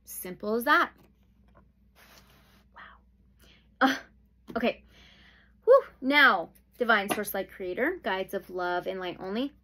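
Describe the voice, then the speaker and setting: A woman giving a pick-a-pile tarot reading, slow and soothing, with sudden excited outbursts. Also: medium pitch. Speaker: tarot reader.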